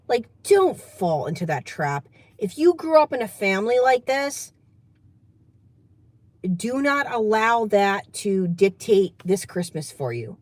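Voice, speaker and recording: Brief: New woman hosting an advice vlog, animated and fairly high, emphatic and repetitive. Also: a little slow, dry recording, low-quality recording. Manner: chatty, emphatic, repeats herself. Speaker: channel host giving advice.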